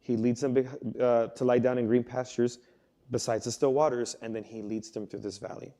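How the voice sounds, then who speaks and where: Young male youth pastor, warm and mellow tone, chatty sermon delivery with acted-out quotes. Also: medium pitch, level tone, brisk. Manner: conversational, storytelling with acted quotes.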